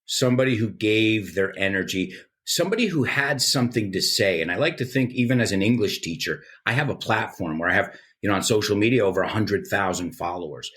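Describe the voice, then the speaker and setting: A middle-aged man with an animated, playful way of talking, a guest in a casual interview. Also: lowish voice, a little fast, hardly any pauses. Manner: animated storyteller, playful, lively delivery. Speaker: guest, English teacher and radio presenter.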